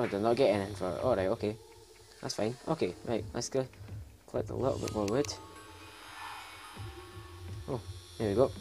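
A man's voice: mid-range voice, gravelly, mellow. A young Scottish man chatters his way through a video game in a loose, rambling commentary. He mocks himself, laughs often and swears freely, with a middling voice and game music playing behind him. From Scotland. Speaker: let's play host. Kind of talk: casual gameplay commentary.

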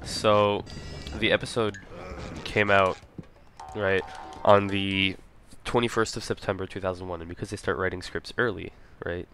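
A man's voice: deep voice, sharp tone. A man casually commenting on his own speedrun, rambling with lots of "like" and "um". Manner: rambling, full of "like" and "um".

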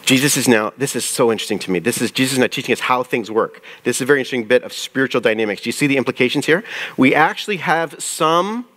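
A man who leads a church delivers a sermon in a conversational manner, with a mid-range, fairly bright tone. He reads passages of scripture aloud at a slow pace and often addresses questions to his listeners.

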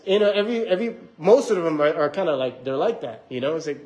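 Young male preacher, slightly high voice, loose and rambling delivery, acts out quoted voices in a church sermon. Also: quick pace, darkish tone, rough recording. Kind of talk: casual sermon with scripture reading.

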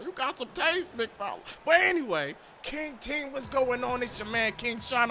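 Casting: high-voiced young gamer, gravelly, hyped trash-talk commentary. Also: male voice, lively intonation, moderate pace, hardly any pauses, pushed and bright, a little hiss or hum. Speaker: gaming YouTuber. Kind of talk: gameplay commentary. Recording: game music behind.

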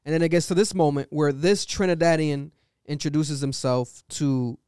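A man's voice: on the high side, steady tone, normal speed, background noise. A young man hosting a podcast in casual chat, telling stories animatedly with slang and swearing. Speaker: podcast host.

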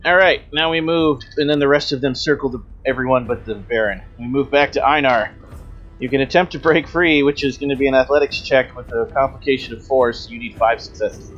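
A man running a tabletop role-playing game as game master, briskly explaining rules and teasing the players. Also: medium pitch, fairly bright tone, muffled recording, soft background music.

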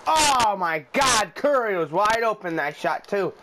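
A man's voice: big pitch swings, unhurried, slight background noise. Hyped, swearing young man gaming. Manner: loud, profane, hyped shouting at plays, then low muttering. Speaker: gaming YouTuber. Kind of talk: excited gameplay commentary.

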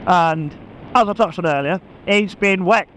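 A man chatting excitedly to a helmet camera while riding a motorbike, laughing often. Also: sits high, a little slow, a little hiss or hum, rough recording. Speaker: motorcycle vlogger. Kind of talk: casual chat while riding. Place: on a motorbike on open country roads. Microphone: helmet-mounted action camera.

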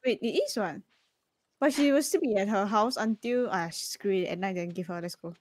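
A young woman guesting on a gaming stream, chatting excitedly and reacting quickly as she plays. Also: medium pitch, no echo. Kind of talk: casual gaming chat.

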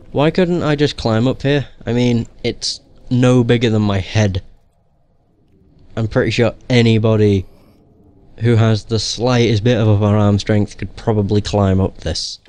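A man's voice: fairly low pitch, a little mellow, clean tone. A young man giving casual gameplay commentary in a joking, profane, sarcastic way.

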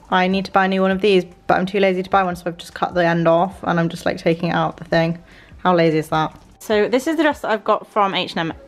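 Getting ready on camera at her bedroom mirror, a young woman vlogger keeps up casual, self-mocking chatter. Her voice is mid-range and fairly bright, and the recording sounds echoey.

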